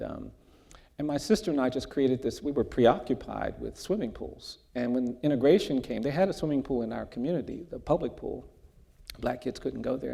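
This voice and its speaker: A man in his sixties, a guest speaker in an onstage conversation, telling a personal story in a measured, earnest way. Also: medium pitch, creaky, mellow. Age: 60s. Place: large hall before an audience. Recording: long hall reverb.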